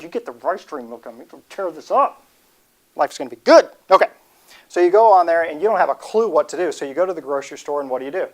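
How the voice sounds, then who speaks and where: Guy in his 40s doing a funny motivational talk, kinda high voice, keeps trailing off and joking around. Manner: rambling and jokey, breaking off mid-sentence. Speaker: speaker giving a talk.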